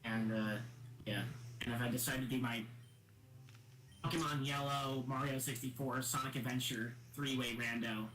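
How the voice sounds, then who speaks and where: Bright-voiced man, roomy echo. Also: medium pitch, steady tone, normal speed. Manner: rambling, jokey banter. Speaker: streamer playing a game. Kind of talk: casual chat while gaming. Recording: roomy echo with game music.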